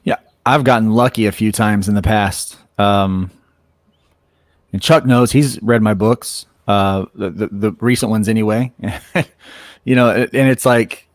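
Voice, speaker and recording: A man's voice: fairly low pitch, measured pace, dry recording, clean studio sound. Rambling man on a comics panel. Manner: rambling, with many restarts and fillers. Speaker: comic book writer and artist on a panel. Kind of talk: casual panel talk.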